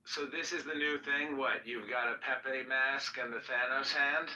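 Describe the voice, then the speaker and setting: A man's voice: mid-range voice, fairly even intonation, unhurried, bright, forceful tone, echoey room, far from the mic, slight background noise, poor audio. A man in casual chat who talks about a slight lisp, chatty and self-conscious about his speech. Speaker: guest.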